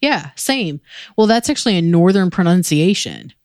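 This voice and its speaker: A woman hosting a podcast, chatting casually, slow and drawling, swearing freely. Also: lowish voice, animated, darkish tone, no echo, clean studio sound. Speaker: podcast host. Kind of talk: casual chat.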